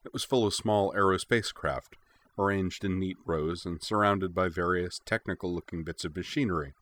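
A man narrating a fantasy audiobook in a measured, even storytelling voice. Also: deep voice. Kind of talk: scripted narration.

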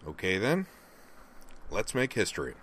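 A man's voice: sits low, wildly swooping pitch, fairly bright tone, slight background noise, heavily acted. A man voicing a young male cadet captain who leads his team in a businesslike, decisive way. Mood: brisk. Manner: brisk, decisive.

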